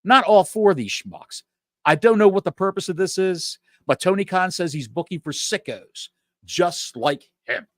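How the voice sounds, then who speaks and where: A man co-hosting a casual podcast, animated and rambling, swearing freely as he rants. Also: sits high, normal speed, dry recording. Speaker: podcast co-host.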